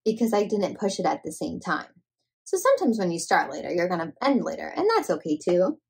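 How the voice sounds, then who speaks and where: Gentle, breathy woman playing with toddlers. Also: on the low side, big pitch swings, brisk. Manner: gentle, sing-song, encouraging. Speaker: children's toy play host. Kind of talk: playful narration to toddlers.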